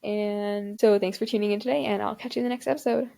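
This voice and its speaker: A woman's voice: mid-range voice, steady tone, fast talker, creaky, dark tone. A teenage girl hosting her own podcast, chatting casually and dramatically, with lots of filler words. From Indian family background. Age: teens. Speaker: podcast host. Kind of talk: casual solo podcast chat.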